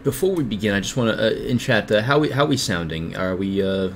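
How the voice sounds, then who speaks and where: Hosting a livestreamed podcast, a man chats in a rambling, self-deprecating style, constantly restarting and filling gaps. His voice runs low with lively intonation and a brisk pace, over slight background noise.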